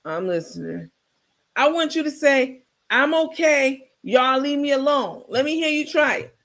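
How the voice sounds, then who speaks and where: A woman's voice: high voice, animated, fairly bright tone, voice pushed up, full character voice. A woman putting on the voice of a bossy, scheming woman who coaches and pushes someone around. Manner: bossy, coaxing, fast-talking.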